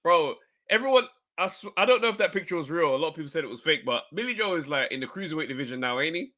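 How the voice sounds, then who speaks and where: A man co-hosting a podcast, telling stories excitably and laughing as he talks. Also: a little high, rapid-fire. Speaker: podcast co-host. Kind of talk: casual boxing chat.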